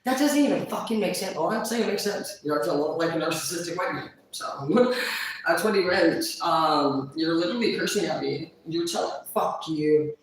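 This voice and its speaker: A woman chatting casually on a livestream, blunt and profane, quick to laugh. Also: on the low side, expressive, recorded from a distance, slight background noise. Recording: very echoey room, voice off-mic.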